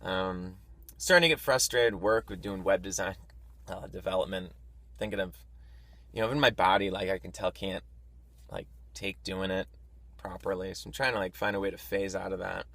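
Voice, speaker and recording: A man's voice: low voice, fairly even intonation, moderate pace, a bit bright. A man recording a casual video diary on the road, talking frankly about his week, venting anger and swearing, often restarting his sentences. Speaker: vlogger. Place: on the road, travelling. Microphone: camera mic.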